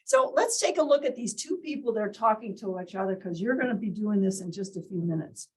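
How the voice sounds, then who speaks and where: In an indoor meeting room, a woman leads a workshop, teaching and quizzing the group while demonstrating different tones of voice. Her medium-pitched voice is expressive, fairly quick and slightly rough, and the recording is rough too.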